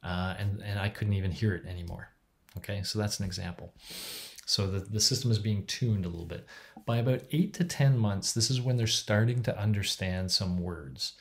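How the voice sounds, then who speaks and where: A man's voice: fairly low pitch, moderate pace, vocal fry. A man giving a university psychology lecture in a chatty, enthusiastic way, with many fillers and restarts.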